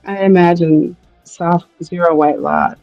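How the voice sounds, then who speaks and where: A woman's voice: fairly low pitch, wildly swooping pitch, a little slow, a little mellow, dry recording, lo-fi sound, faint music behind. A woman hosting a casual live stream from outdoors, talking to viewers and often dissolving into helpless, breathless laughter.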